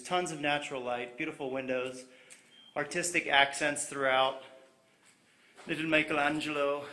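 A man's voice: a little high, sharp tone. A man giving a casual, upbeat and jokey walkthrough tour of a large house, filmed on a handheld camera as he walks from room to room. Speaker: real estate agent giving a property tour. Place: inside a large empty house, walking room to room. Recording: echoey empty rooms.

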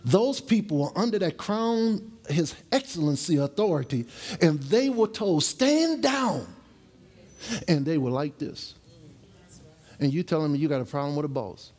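A middle-aged man preaches a sermon to his congregation in a voice a touch higher than most men's. He talks like he is telling friends a story, tossing in jokes, then drags out key phrases slowly for weight. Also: mellow. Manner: slow, emphatic drawn-out phrases. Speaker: pastor. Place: church service with congregation.

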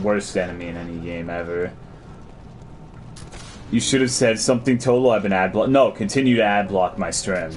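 A man's voice: low-pitched, normal speed, long pauses, noisy background. A man streaming a game, chatting casually and crudely as he reads and answers his chat.

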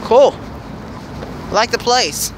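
A young man with a high, light voice narrates a handheld vlog while walking a snowy city street. He rambles cheerfully and often stalls to search for words. Traffic and street noise run loudly behind him. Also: animated, very slow. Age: young adult. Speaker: vlogger filming his family walk. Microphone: handheld camera.

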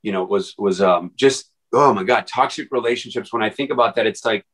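A man's voice: lowish voice, a little fast, fairly bright tone, slightly rough, poor audio. Rambling man telling his story. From Texas. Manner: rambling, lots of fillers and restarts. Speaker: podcast guest. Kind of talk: casual storytelling interview.

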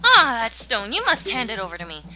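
A woman's voice: a little high, wildly swooping pitch, fairly quick, bright, forceful tone, a little hiss or hum, exaggerated voice. Bargaining Deku scrub trader, as a woman reads him. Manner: reading game dialogue aloud, lightly performed. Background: game music.

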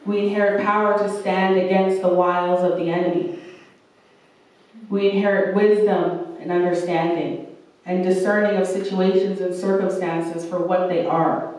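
A woman's voice: fairly low pitch, fairly even intonation, moderate pace, a little mellow. A young woman preaching a sermon and telling a personal story, earnest and acting out the voices of the people she quotes. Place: church hall. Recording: echoey church room, mic at a distance.

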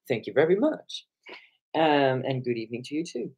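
A hoarse man talking on a live stream, retelling an encounter with animated, indignant energy. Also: a little high, normal speed. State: hoarse from shouting. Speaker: online commentator.

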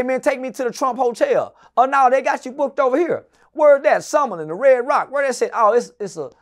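Middle-aged male guest with a high voice, swears a lot, acts out every character in his story, loud and animated. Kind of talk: animated storytelling in a casual interview.

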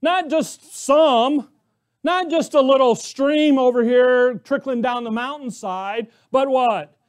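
High-voiced man preaching with rhetorical questions. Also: takes it slowly, smooth. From Arizona, US. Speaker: pastor. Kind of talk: sermon.

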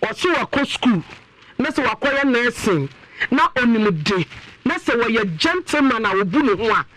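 A man's voice: extremely high pitch, moderate pace, low-quality recording. A man with a Ghanaian accent, talking animatedly and emphatically as a panelist on a radio talk show. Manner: animated, emphatic, rising into exclamations.

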